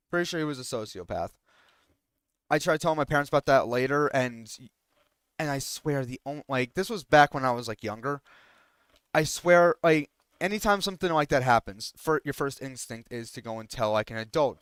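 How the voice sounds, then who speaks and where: Man with a smooth, slightly high voice. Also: a bit bright, dry recording, clean studio sound. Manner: rambling, frequent restarts and fillers; indignant. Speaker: streamer. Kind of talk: casual storytelling while gaming.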